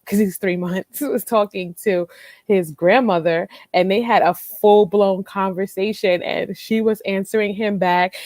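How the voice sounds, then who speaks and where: A woman on a panel discussion telling a family story with animated energy and frequent laughter. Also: lowish voice, no room sound, clean studio sound.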